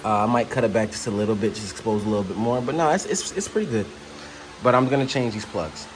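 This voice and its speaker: A motorcycle vlogger talks quickly through a repair as he works on a bike, his voice lowish and his manner rambling and easygoing, full of fillers. The background ambience is noisy.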